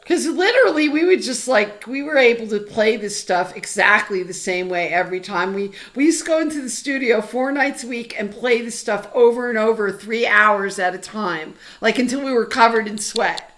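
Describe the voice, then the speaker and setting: A woman's voice: on the high side, normal speed, hardly any pauses, a bit bright. A woman who is a punk singer, chatting casually, bluntly and with lots of laughter and swearing. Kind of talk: casual chat.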